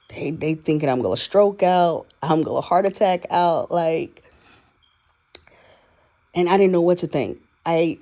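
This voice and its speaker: A woman with a low, warm, relaxed voice shares her life candidly in a personal vlog. She talks openly and emotionally, laughing often and trailing off into restarts as she searches for words. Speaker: vlogger. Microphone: audio only, no video.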